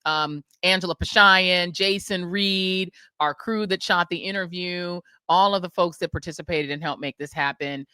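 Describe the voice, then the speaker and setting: A middle-aged American woman hosting a podcast, telling a story in lively casual chat and acting out the people she quotes. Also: fairly low pitch, moderate pace, few pauses, clean tone, no echo. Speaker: podcast host.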